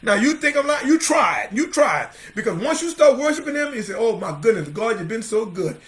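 A male pastor delivering a fervent sermon in a high, lively voice that swoops up and down from line to line. He keeps calling out members of the congregation by name as he preaches. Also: fairly quick.

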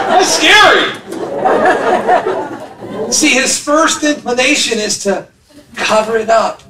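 A pastor in his fifties delivers a sermon in a church sanctuary with an extremely high-pitched voice, telling stories, doing voices, and laughing as he goes. The mic picks him up from a distance in an echoey hall with noise in the background.

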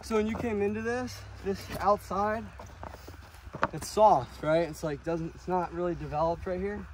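A man's voice: high voice, moderate pace, noisy background. A man coaching riders at an outdoor sandy dirt-bike track, direct and encouraging, sometimes imitating throttle sounds. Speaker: motocross coach.

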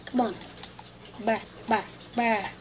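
A woman giving excitable, complaining live commentary over a shooter game she is playing, full of slang. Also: on the high side, slow pace, background noise. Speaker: gamer.

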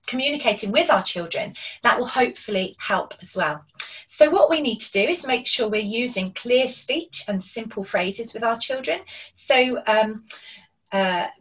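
A woman with a slightly high, somewhat bright voice presents an online parenting webinar, explaining strategies and acting out examples in this training talk. She sounds distant from the microphone.

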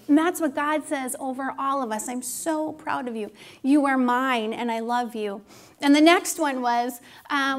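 A woman with a high, light voice shares a personal testimony from the pulpit. She sounds earnest and encouraging, and her voice sometimes drops to an intimate hush. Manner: earnest, intimate, encouraging, drops to a hushed whisper when quoting God. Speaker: speaker at a church service.

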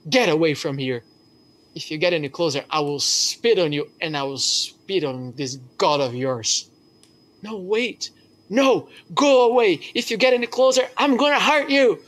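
A man voicing a defiant condemned male prisoner who shouts angrily. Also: fairly high pitch, lively intonation, moderate pace, rough recording. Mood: furious. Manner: shouting, hostile.

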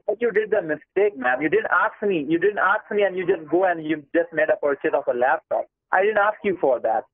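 A man's voice: fairly high pitch, brisk, no room sound. A man on a phone call, pleading and insistently repeating "ma'am", heard through a tinny phone line. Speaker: scam caller on the phone.

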